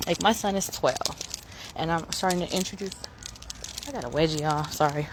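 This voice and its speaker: This vlogger, a woman in her thirties, delivers a frank, emphatic, freely profane rant to camera during a morning walk. Her voice is low and her pace moderate. Street noise fills the outdoor phone recording.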